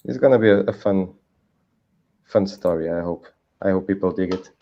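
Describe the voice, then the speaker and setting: Casting note: man, low voice, halting guest talk, dull lo-fi call audio. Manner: halting, many fillers and restarts. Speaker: guest comic creator. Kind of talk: casual video call chat. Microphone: video call headset.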